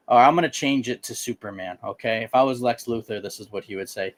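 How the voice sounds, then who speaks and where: A man's voice: on the low side, brisk, hardly any pauses, no room sound. A man co-hosting a casual film review podcast, talking with playful enthusiasm. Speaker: podcast co-host.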